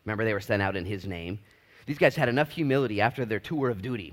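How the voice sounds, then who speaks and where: A male pastor giving a casual, animated sermon with prayer, swinging between loud excitement and hushed emphasis and using laid-back slang. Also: fairly low pitch, fast.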